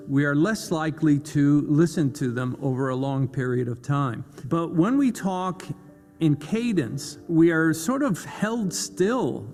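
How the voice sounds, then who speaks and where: A man giving a motivational talk about confident communication, speaking deliberately and acting out example voices. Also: on the high side, a little mellow, long reverb tail.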